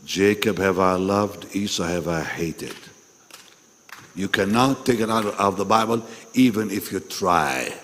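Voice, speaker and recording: A man preaches at an unhurried, drawn-out pace, his voice still strained after losing it the night before. He leaps from loud, ringing calls down to hushed, breathy asides. The sound carries a long reverb, as in a large meeting hall. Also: low voice, a little hiss or hum. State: recovering from a lost voice. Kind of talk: sermon to pastors.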